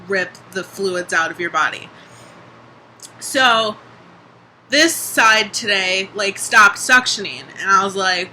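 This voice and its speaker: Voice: mid-range voice, bright, forceful tone, slight background noise, rough recording. A young adult vlogger talking casually in a video diary, chatty, full of "like" and casual swearing.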